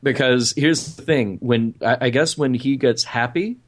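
A man co-hosting a podcast in casual chat, easygoing and amused, talking in quick bursts. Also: mid-range voice. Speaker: podcast co-host.

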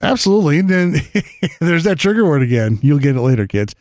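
An enthusiastic man chats casually in the studio, his pitch in the middle range. His talk is chatty and full of quick restarts. The sound is close and dry. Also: big pitch swings, darkish tone, no echo. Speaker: show creator and former host. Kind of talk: casual chat. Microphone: studio mic.

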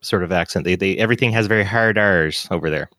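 A man's voice: sits low, fast, bright, forceful tone, no echo, clean studio sound. A man with a Canadian accent in casual podcast chat, playful, laughing and telling stories. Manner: playful, laughs often, storytelling. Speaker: podcast co-host.

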